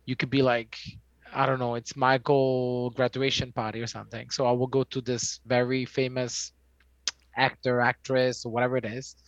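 A man co-hosting a podcast, ranting in an animated, exasperated way in casual chat. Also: mid-range voice, normal speed, no echo, muffled recording. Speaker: podcast co-host.

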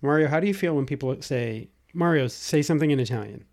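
A man's voice: a little high, fast talker, darkish tone. A man co-hosting a podcast, teasing and joking in casual chat. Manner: teasing, joking, laughs often. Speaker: podcast co-host.

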